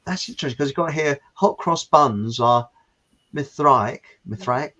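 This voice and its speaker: A man's voice: on the high side, a little fast, a bit bright, dull audio. A man with a Home Counties English accent hosting a casual chat show, rambling and hesitant with many fillers and restarts. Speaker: host.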